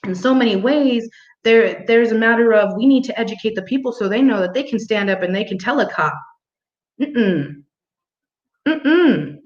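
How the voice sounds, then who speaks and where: A woman's voice: a little high, a little fast, darkish tone. A young adult woman telling a story in a casual monologue, blunt and profane, laughing now and then. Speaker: vlog host. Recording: roomy, muffled home recording.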